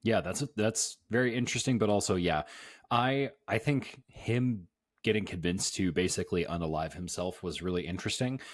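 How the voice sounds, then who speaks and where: A man's voice: sits low, moderate pace, no echo. A man co-hosting a casual podcast, laid-back with dry remarks. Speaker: podcast co-host.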